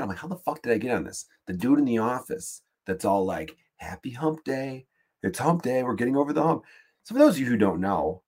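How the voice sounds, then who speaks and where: A man's voice: medium pitch, breathy edge. A man hosting his own podcast, rambling through a casual comedic monologue and swearing freely. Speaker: podcast host.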